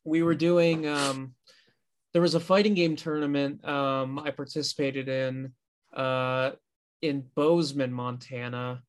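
A man's voice: mid-range voice, flat delivery, a little slow, clear, resonant tone. A man co-hosting a casual podcast chat, telling a story in a rambling, self-correcting way. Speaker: podcast co-host.

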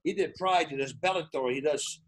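A man, a retired fighter turned commentator, telling animated stories as a podcast guest and acting out the dialogue. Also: fairly high pitch, normal speed. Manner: excitable, acts out quoted dialogue, frequent restarts. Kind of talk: animated storytelling in casual chat.

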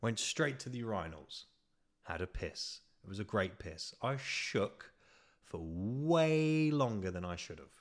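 A man's voice: lowish voice, expressive, measured pace. A young man hosting a podcast, telling a comically petty story in a profane, ranting way. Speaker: podcast host. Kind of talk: casual storytelling monologue.

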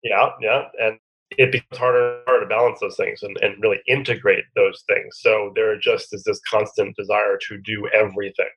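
A man's voice: fairly low pitch, little pitch movement, fairly quick, fairly bright tone, rough recording. A man with a cold and a nasal voice, talking as a podcast guest and coach in a thoughtful way. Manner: thoughtful, uses homely analogies. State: has a cold. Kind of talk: casual interview talk.

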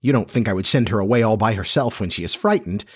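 A man voicing a bold, boastful boy leader in a storybook reading, brisk and sharp. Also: on the low side, expressive, husky.

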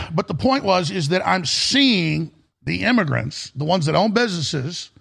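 A man's voice: high-pitched, animated, measured pace, a bit bright. A middle-aged man hosting a talk radio show, telling rambling stories in an emphatic manner. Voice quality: gravelly, raspy.

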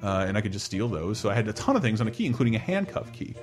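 A man in his thirties casually telling a long personal story on a podcast, animated and laughing, acting out quotes in a high voice. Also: racing, soft background music. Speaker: podcast co-host.

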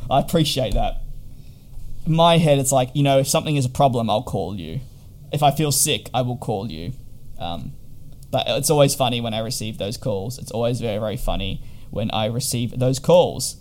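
A man's voice: medium pitch, brisk, darkish tone. A man chatting casually in a vlog about hotel quarantine, rambling and wry with lots of fillers. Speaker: vlogger.

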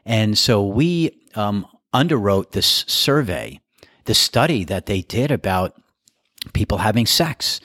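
Older male podcast host, low-pitched, animated, candid storyteller, dry close sound. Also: slow, dry recording. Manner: laughing storyteller, candid and crude. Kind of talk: casual chat.

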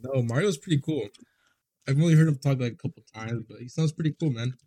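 Laid-back young man with a dark voice. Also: medium pitch, fast talker. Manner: laid-back, swears a lot, laughs often. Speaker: podcast co-host. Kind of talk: casual chat.

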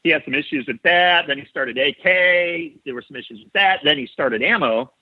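A husky-voiced man from Ohio, in his forties, chats as a podcast guest over a tinny, phone-like line. His voice sounds dry and close. He tells his stories eagerly and restarts his sentences again and again. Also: a little high, moderate pace, no echo. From Ohio, USA. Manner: eager storytelling with frequent restarts. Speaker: podcast guest, model builder. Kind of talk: casual interview chat. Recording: tinny phone-like call audio.

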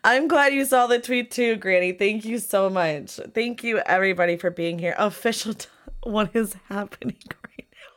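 A woman's voice: medium pitch, normal speed. A woman hosting a live-streamed podcast, tearful and overwhelmed, gushing and laughing between her words. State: tearful, crying. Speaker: podcast host.

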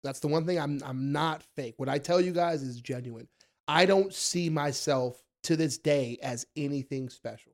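A young man telling stories in a casual podcast chat, acting out quotes in a high voice. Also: moderate pace. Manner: animated storyteller, acts out quotes in a high voice. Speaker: guest, food content creator.

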